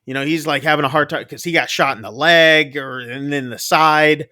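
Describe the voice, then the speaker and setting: A man on a podcast walks through a movie's plot in a relaxed, rambling way. His voice sits a bit high and rings bright and forward. He keeps it casual, full of quick asides. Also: no room sound, studio quality. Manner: chatty, loose retelling with quick asides. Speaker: podcast co-host. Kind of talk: casual movie recap chat.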